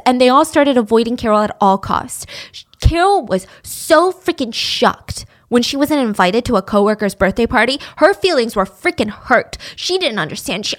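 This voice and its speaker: A woman's voice: sits high, sing-song, moderate pace, few pauses. A young woman telling a true-crime story casually, with chatty, sarcastic asides.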